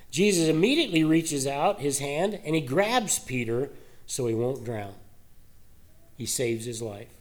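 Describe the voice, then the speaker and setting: A male pastor giving a sermon in a conversational way, asking many rhetorical questions. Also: on the high side.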